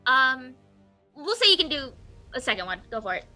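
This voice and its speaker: A woman acting as dungeon master in a tabletop game, upbeat and quick with rulings. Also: sits high, very animated, bright, forceful tone, faint music behind.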